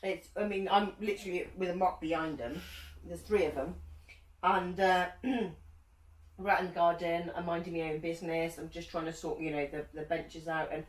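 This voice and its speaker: A woman's voice: on the low side, flat delivery, moderate pace. A woman co-hosting a podcast in casual chat, blunt and joking and swearing freely. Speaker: podcast co-host. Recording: roomy, distant from the mic.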